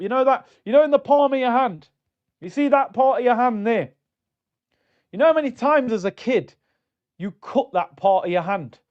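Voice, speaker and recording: High-voiced man ranting about football. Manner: animated, mocking, slangy. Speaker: football fan channel host. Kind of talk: ranting fan commentary. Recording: dull lo-fi sound.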